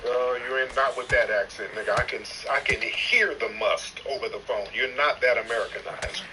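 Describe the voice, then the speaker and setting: A man hosting a live online chat, roasting callers in a teasing, mock-stern way with loud bursts. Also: mid-range voice, moderate pace, music in the background. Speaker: host of a live audio chat stream. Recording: distant noisy online voice chat.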